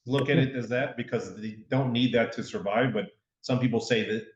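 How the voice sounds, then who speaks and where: A man's voice: medium pitch, steady tone, fairly quick. A man co-hosting a podcast, chatting casually and easily with short agreeing replies. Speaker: podcast co-host. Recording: dull, roomy sound.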